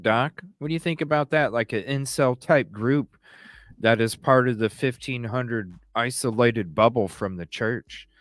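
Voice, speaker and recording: A man with a Southern American drawl hosts a casual podcast from a dry-sounding studio. He talks in quick, animated bursts. He jokes and swears playfully. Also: medium pitch, no room sound. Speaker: podcast host. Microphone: studio mic.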